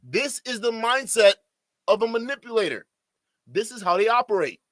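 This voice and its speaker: A male streamer talking to his chat in a high voice, loud and mocking. The sound is dry and close, with no room around it. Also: lively intonation, moderate pace, dry recording. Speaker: streamer reacting to clips. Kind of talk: live reaction commentary.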